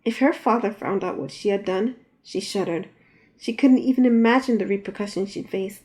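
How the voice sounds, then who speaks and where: A woman's voice: moderate pace, darkish tone. Woman reading her own novel aloud. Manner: reads dialogue with raised pitch and force. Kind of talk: audiobook narration.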